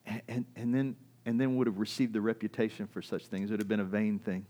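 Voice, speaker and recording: A man's voice: lowish voice, level tone, quick pace, warm tone. Impassioned male pastor preaching. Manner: impassioned, repeats words and asks rhetorical questions. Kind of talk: sermon.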